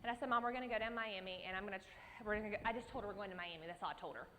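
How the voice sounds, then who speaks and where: A young woman from Alabama with a Southern accent, telling an animated story at a conference and acting out her own reactions with big leaps in pitch. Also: rapid-fire. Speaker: conference speaker. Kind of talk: storytelling keynote talk. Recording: speech in a large hall with faint background noise.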